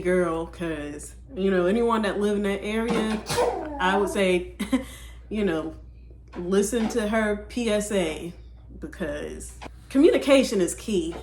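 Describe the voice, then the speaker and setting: A woman hosting a reaction video, commenting casually and talking straight to her viewers. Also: mid-range voice. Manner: chatty, talks straight to viewers. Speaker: host reacting to clips. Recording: echoey room with faint noise.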